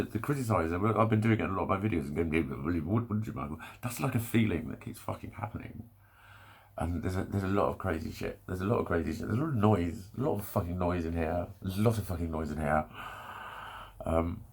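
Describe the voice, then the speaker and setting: A man's voice: deep voice, vocal fry, breathy edge. A man in a rambling solo vlog rant, swearing often and breaking off mid-sentence. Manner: rambling, swearing, self-interrupting. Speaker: vlogger. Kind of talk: candid solo rant to camera.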